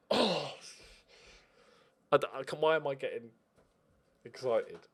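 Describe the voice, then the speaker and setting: A man hosting a football management game playthrough, commentating in an excitable, sarcastic, self-mocking way. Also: medium pitch, slow, breathy edge. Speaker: let's play host. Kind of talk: gaming commentary.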